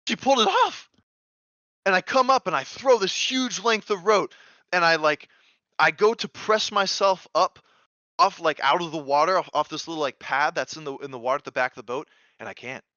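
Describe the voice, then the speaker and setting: A man on a podcast telling a story casually, animated and profane, dropping quietly into narration and then bursting out in loud exclaimed lines. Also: fairly high pitch, brisk, no echo. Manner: loose and profane, heavy use of "like". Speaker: podcast guest. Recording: dry, dull lo-fi sound.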